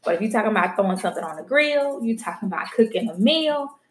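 A woman's voice: fairly high pitch, expressive, fast. A woman vlogging casually to her viewers, frank and chatty, swearing freely as she talks straight to them. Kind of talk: casual chat to camera. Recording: roomy echo with faint music.

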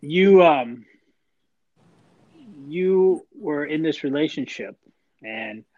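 A man's voice: a little high, very slow, no room sound, phone-quality sound. A man co-hosting a podcast, giving earnest, faith-driven encouragement. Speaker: podcast co-host. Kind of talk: casual podcast chat.

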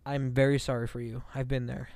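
A young adult man co-hosting a casual podcast, animated and profane, often tagging "okay?" onto his points. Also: medium pitch, a little fast, vocal fry, smooth, no echo. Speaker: podcast co-host.

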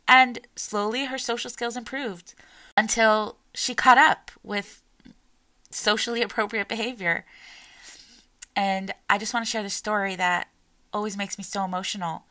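A woman in her forties, a mother giving an earnest, heartfelt personal talk with a soft, emotional delivery. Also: medium pitch, steady tone, moderate pace. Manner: earnest and emotional, voice softening as she tears up. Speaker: parent sharing her story.

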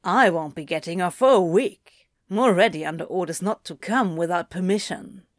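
A woman's voice: lowish voice, moderate pace, dry recording, studio quality, lightly acted. A woman doing a sly, teasing male demon. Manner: sly, playful, coarse-mouthed. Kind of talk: audiobook reading of fan fiction.

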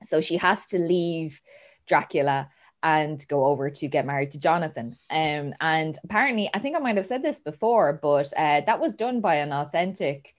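A woman with a low voice talks casually as a host, walking through a film's plot. She acts out the characters' lines with plenty of energy and laughs often along the way. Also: lively intonation, moderate pace. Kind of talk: casual chat retelling a film plot.

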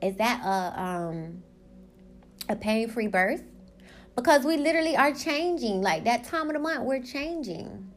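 A young woman hosting her own podcast, rambling in a casual, animated way, swearing and acting out quotes as she tells stories. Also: on the high side, unhurried. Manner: animated storytelling, swears, laughs, acts out quotes. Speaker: podcast host.

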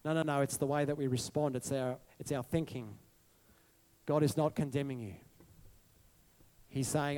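A male pastor preaching to his congregation, moving from soft, hushed reflection to a rising, passionate appeal. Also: mid-range voice, steady tone, moderate pace, pauses often. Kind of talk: sermon over worship music.

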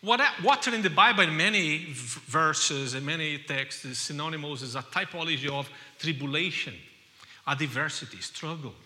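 A man preaching a sermon with passion, repeating key phrases and building to loud cries. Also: fairly high pitch, normal speed. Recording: long hall reverb.

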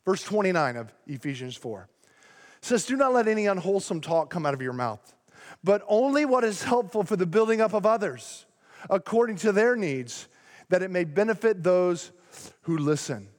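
High-voiced man preaching with fire. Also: sing-song, moderate pace. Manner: passionate, gets loud and fired up when preaching. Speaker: pastor. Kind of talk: sermon. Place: church sanctuary. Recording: long reverb of a large church hall.

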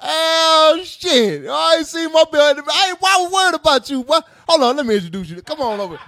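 A man hosting a casual podcast chat, teasing, animated and prone to loud bursts. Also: extremely high pitch, moderate pace, vocal fry, dry recording, studio quality. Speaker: podcast host.

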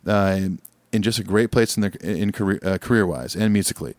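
A man co-hosting a podcast in casual chat, reading a listener email aloud, stumbling and filling pauses as he goes. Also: on the low side, dry recording. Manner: chatty, stumbling over words, frequent fillers. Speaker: podcast co-host.

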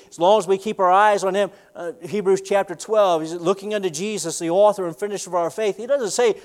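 A man preaching from the pulpit in a church, his voice sitting a little high for a man. He acts out desperate prayers with sudden rises in pitch and force, then settles low and quiet to explain the scripture. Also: fairly even intonation, brisk, hardly any pauses. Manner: preaching with dramatic acted-out prayers, voice rising sharply when quoting. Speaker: pastor. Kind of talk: sermon.

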